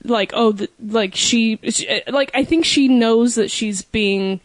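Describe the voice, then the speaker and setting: A woman's voice: on the high side, slow pace, dry recording. A woman in her twenties co-hosting a podcast, telling stories in a rambling way with many fillers. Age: 20s. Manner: rambling, filler-heavy storytelling. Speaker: podcast co-host. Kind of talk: casual podcast chat.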